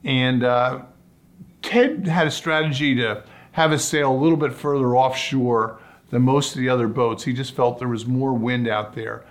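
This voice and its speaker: A man's voice: medium pitch, normal speed. Man telling sailing stories. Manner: relaxed anecdotal storytelling, acts out quotes. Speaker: guest, sailor and sailing commentator. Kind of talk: storytelling in a podcast interview.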